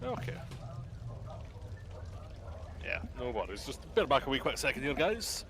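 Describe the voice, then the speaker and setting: A man's voice: medium pitch, huge pitch swings, unhurried, creaky, noisy background. A man, narrating and running a live tabletop game as dungeon master, chatty, with restarts and asides.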